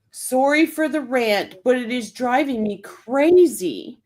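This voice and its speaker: A woman's voice: high voice, expressive, slow pace, few pauses, a little mellow. A woman hosting a true crime livestream, reading chat comments aloud and talking back in a blunt, profane, indignant way.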